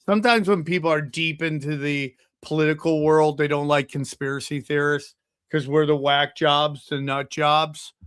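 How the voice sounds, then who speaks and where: A man hosting a podcast, chatting casually and joking with loud bursts. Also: fairly high pitch, fairly even intonation, moderate pace, clear, resonant tone, no room sound, clean studio sound. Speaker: podcast host. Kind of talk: casual chat reading superchats.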